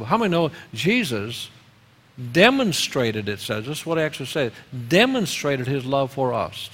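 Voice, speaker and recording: A male pastor preaching at a church service, calling on the congregation to answer back. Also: medium pitch. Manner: lively call-and-response preaching. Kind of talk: sermon. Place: church sanctuary. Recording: long reverb of a church hall.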